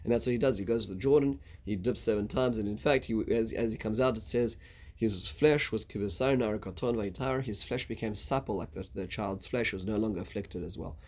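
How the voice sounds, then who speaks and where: A man teaching a casual Bible lesson, halting, with many stuttered restarts. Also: on the low side, darkish tone. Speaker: Torah teacher.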